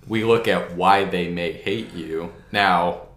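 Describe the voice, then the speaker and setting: A man hosting a church conversation, calmly affirming his guest and drawing out lessons. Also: low voice, slow. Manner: calm, affirming, draws out lessons. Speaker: host. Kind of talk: casual chat. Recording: roomy echo.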